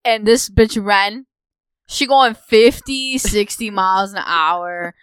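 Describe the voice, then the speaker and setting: A young woman co-hosting a podcast, telling a story in a profane, animated way. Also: medium pitch, takes it slowly, smooth, no echo. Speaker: podcast co-host. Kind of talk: casual chat.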